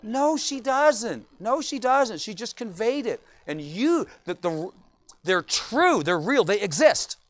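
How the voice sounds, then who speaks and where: A male pastor delivers an evening sermon in a high, very animated voice that leaps up and down. He acts out the lines of the people he quotes in short voices. The recording is close and dry. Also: takes it slowly, no echo.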